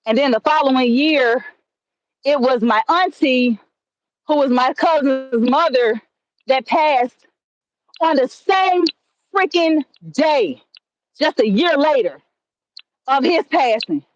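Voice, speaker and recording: A woman chats through a casual livestream in a high voice, drifting through her story at an easy, slow pace. She rambles, doubling back with fillers and restarts as she goes. The sound comes off her phone, muffled and lo-fi. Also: lively intonation, a little hiss or hum. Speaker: livestream host. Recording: dull lo-fi stream audio.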